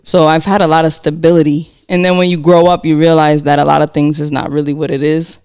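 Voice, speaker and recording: A man's voice: a little high, level tone, quick pace, darkish tone, smooth, no echo, clean studio sound. A man co-hosting a podcast, speaking in a heartfelt way and openly about his feelings. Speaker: podcast co-host. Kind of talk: casual podcast chat.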